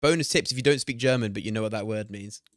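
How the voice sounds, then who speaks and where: A man in his twenties streaming casually, excitable, swearing and chatting to his viewers. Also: lowish voice, quick pace, dry recording, clean studio sound. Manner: excitable, swears and laughs often, talks to chat. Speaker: streamer hosting a watch party. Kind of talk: casual live-stream chat while playing a guessing game.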